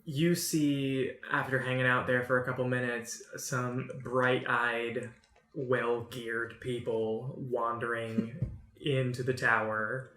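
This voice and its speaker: A man narrating as game master of a tabletop game, relaxed and easygoing. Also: mid-range voice, slow pace. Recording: roomy echo.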